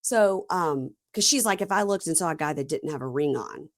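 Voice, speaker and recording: A woman's voice: sits low, normal speed, no echo, clean studio sound. A woman hosting a podcast, recapping a reality show in casual chat and quoting each scene back and forth. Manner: retells scenes by quoting both sides in her own voice, chatty and animated. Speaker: podcast host.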